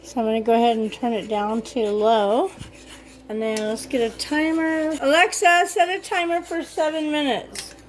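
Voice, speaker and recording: A woman's voice: fairly high pitch, fairly even intonation, moderate pace, slight background noise. A woman chatting casually in her home kitchen while cooking, thinking aloud and getting easily exasperated. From Utah. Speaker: cooking vlogger.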